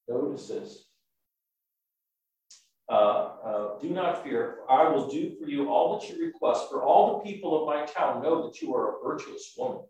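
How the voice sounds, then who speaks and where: Preaching man in an echoey hall. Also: medium pitch. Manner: preaching with emphatic rising bursts and repetition. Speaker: pastor. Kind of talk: sermon. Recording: echoey room, speaker far from mic.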